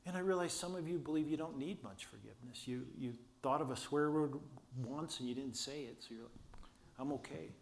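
A man's voice: a little fast, gravelly, few pauses. Older male pastor, storytelling sermon, can't raise his voice, many restarts. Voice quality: limited vocal power from vocal cord damage. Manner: storytelling, earnest, with many restarts and quiet low asides.

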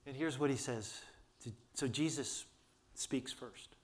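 Older male pastor, storytelling sermon, can't raise his voice, many restarts. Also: slow pace. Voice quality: limited vocal power from vocal cord damage. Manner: storytelling, earnest, with many restarts and quiet low asides.

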